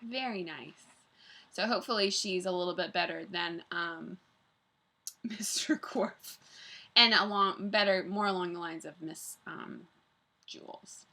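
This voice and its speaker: A woman reading a children's book aloud to her students, telling it in an expressive way. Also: lowish voice, normal speed, slight background noise. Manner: expressive, warm storytelling.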